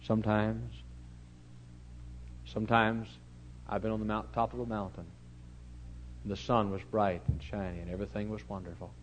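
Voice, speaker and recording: A middle-aged man with a Texan accent, preaching a folksy, humorous storytelling sermon that swings from loud to hushed. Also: fairly low pitch, flat delivery, normal speed, pauses often, highs cut off, slight background noise.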